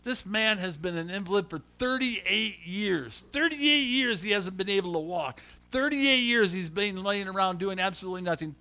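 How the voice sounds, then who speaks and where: This middle-aged man's voice sits high, with a clear, resonant tone, as he preaches as a pastor. His sermon is built on stories, and he animatedly performs the voices of each character in them.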